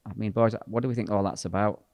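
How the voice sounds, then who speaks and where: A man's voice: on the low side, fairly even intonation, fast talker, a little mellow, dry recording. A man hosting a podcast discussion, talking bluntly and directly with a joking edge. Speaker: podcast host and pastor. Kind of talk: casual discussion.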